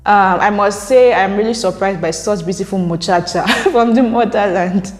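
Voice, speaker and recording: A woman's voice: mid-range voice, moderate pace, soft background music. A woman with a Nigerian accent, chatting casually as a vlogger and often laughing between points. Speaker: vlogger reacting to viewer comments. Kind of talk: casual chat. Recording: roomy echo with long reverb.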